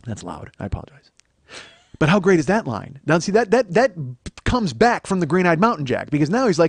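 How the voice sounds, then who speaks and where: Male comedian host, rapid rambling profane riffing, slightly high voice, dry close sound. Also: expressive, no room sound. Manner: profane, rambling, breaks into laughter. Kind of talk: comic monologue.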